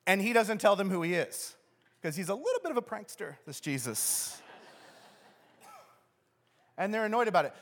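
Male pastor, sermon, lively storyteller acting out scenes, long church-hall reverb. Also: sits high. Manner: animated storyteller who acts out scenes.

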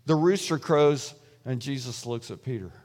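A man giving a sermon in a relaxed, conversational way, retelling a story and acting out the quoted voices. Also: medium pitch, normal speed. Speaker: preacher. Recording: reverberant hall.

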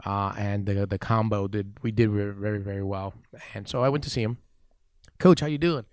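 Coach around forty, lowish voice, dry close mic, animated storyteller who voices the people in his stories. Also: a little fast, clear, resonant tone, no room sound. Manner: animated storyteller, acts out dialogue, says "man" a lot. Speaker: weightlifting coach. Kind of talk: storytelling in a podcast interview.

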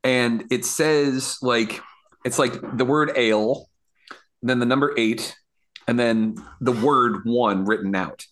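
A man's voice: medium pitch, slow, fairly bright tone. A man co-hosting a podcast who tells an anecdote in laid-back casual chat and swears freely. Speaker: podcast co-host.

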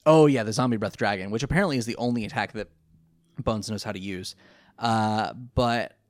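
Speaking at a moderate pace in a lowish voice, a man rambles through a recap of a cartoon episode for his podcast, animatedly performing the characters' lines. The talk is casual, and the recording has no room sound.

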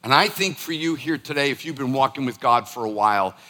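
Male preacher, conversational storyteller, bright voice with lots of pitch movement. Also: brisk. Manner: animated storytelling, acts out scolding his dog. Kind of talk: sermon.

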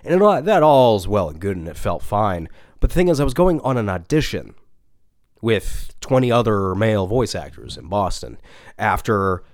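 A man, a voice actor and podcast co-host, telling an animated, rambling story with some swearing in casual chat. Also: lowish voice, no room sound, clean studio sound.

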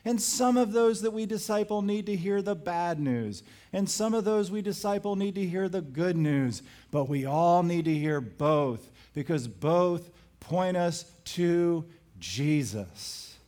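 A male pastor delivering a sermon in a high, light voice. He speaks slowly and deliberately, building points with emphatic repetition and slipping into little acted-out quotes as he tells his stories. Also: darkish tone.

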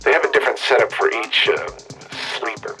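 A man voicing a sharp-tongued woman medic giving quick, matter-of-fact instructions over comms in an audiobook. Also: medium pitch, soft background music, lightly acted, low-quality recording. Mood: uneasy.

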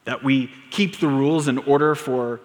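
A man's voice: mid-range voice, fairly even intonation, normal speed. A man preaching a sermon to his congregation, telling stories and building to emphatic, raised lines. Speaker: pastor. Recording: long reverb of a large room.

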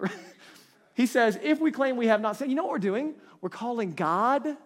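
A man in his thirties preaching a conversational sermon, animated and chatty, laughing lightly between points. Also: very high-pitched, moderate pace. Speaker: pastor.

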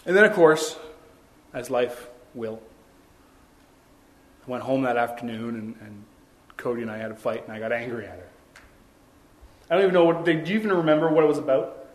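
A man's voice: mid-range voice, lively intonation, fairly quick, pauses often. A man preaching a sermon as a pastor, in a conversational way with many rhetorical questions.

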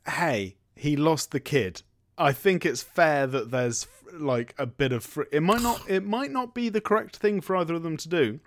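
Animated man recapping a film. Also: a little high, moderate pace, no echo. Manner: animated storyteller, acts out characters in jokey voices. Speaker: podcast co-host. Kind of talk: casual comedic film recap.

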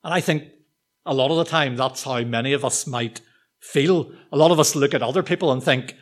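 In a sermon to church members, a man speaks briskly at medium pitch. His manner is laid-back and chatty, self-deprecating, full of ums and fresh starts.

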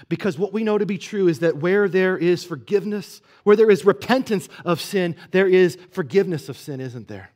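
A male pastor with a notably high voice delivers a sermon in a relaxed, conversational way. He drops into quiet, intimate asides and rises to emphatic peaks, checking in with rhetorical questions along the way. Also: normal speed, few pauses. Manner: swings from hushed to emphatic.

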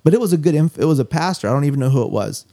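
A man's voice: a little high, expressive, rapid-fire, warm tone. A man co-hosting a casual faith discussion, telling stories and reflecting. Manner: storytelling, reflective. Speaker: co-host of a church talk show.

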